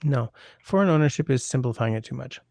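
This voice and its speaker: This livestream host chats and rambles through his viewers' messages, adding wry asides from a close mic. He sounds animated and fast, his gravelly mid-pitched voice carrying a darkish tone in a dry recording with no room sound.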